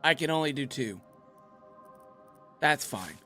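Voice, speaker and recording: A man hosting his own gaming channel, giving excitable, playful gameplay commentary and laughing easily. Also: mid-range voice, slow, soft background music.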